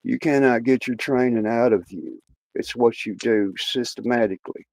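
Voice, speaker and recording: A man in casual livestream chat, speaking earnestly and haltingly, repeating himself. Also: medium pitch, vocal fry, a little mellow, no room sound, rough recording.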